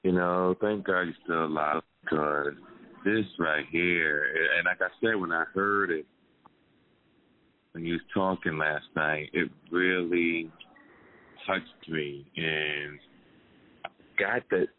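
A man with an extremely deep voice hosts a casual radio talk show, speaking frankly and supportively and swearing freely. The audio is narrow and tinny, like a phone line. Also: steady tone, slow pace, long pauses.

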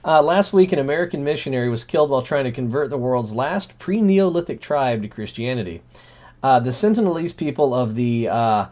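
A male podcast co-host with a voice of ordinary middle pitch. He tells stories with animated, irreverent energy and a sardonic edge, in casual back-and-forth chat.

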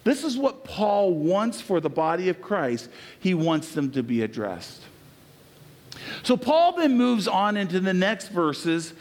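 Middle-aged man, pastor's sermon; high, lively voice, emphatic then hushed. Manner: emphatic preaching that drops to soft, low, intimate passages.

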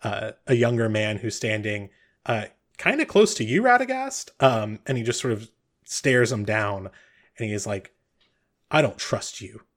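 A man's voice: fairly low pitch, wildly swooping pitch, normal speed. A man narrating a tabletop game as game master, loose and rambling, with many fillers.

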